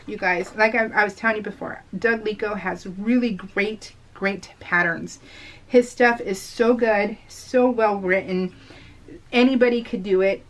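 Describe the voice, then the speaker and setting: A woman talking casually to her viewers in a rambling voice-over, full of fillers and frequent laughter. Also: medium pitch. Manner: rambling, lots of fillers, addresses viewers as "you guys"; laughs often while telling stories. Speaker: vlogger.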